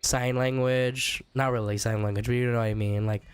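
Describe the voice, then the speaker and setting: Sick young man streamer, smooth dry voice. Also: medium pitch, steady tone, fairly quick, no room sound. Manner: chatty, reads chat aloud, jokes with viewers. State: sick, sounds older and rough. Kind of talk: casual chat while gaming.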